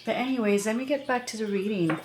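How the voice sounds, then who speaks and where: A woman's voice: a little high, quick pace, a little mellow, echoey room, slight background noise. A woman tarot reader talking casually to her viewers, rambling and chatty, with many fillers and laughs. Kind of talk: casual tarot reading to camera.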